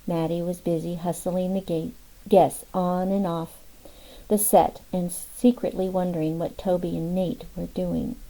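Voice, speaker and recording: A woman narrating an audiobook in a measured, expressive way. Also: fairly low pitch, low-quality recording. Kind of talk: scripted narration.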